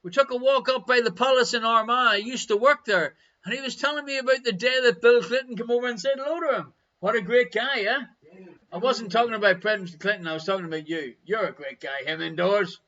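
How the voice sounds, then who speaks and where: Guy hosting a quiz, high bright voice, jokey and teasing. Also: fast talker, highs cut off. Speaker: quiz host. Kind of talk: hosting a live online quiz.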